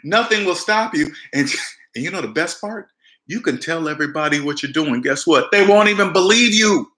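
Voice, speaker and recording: A man giving emphatic personal finance advice straight to camera, mimicking people with big jumps in pitch. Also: moderate pace, bright, forceful tone, reverberant. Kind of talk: direct-to-camera advice talk.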